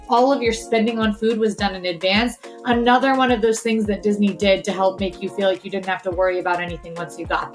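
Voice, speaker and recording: A woman's voice: mid-range voice, fairly bright tone. A woman co-hosting a casual chat, explaining things at length with lots of fillers. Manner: chatty, explains at length with many "like"s and "um"s. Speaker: co-host.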